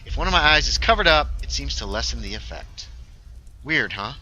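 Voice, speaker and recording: A man's voice: mid-range voice, very animated, fairly quick, pushed and bright, a little hiss or hum, poor audio. A man voicing a sarcastic young witch in a story game. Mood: wry. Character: young witch woman, wry and secretive.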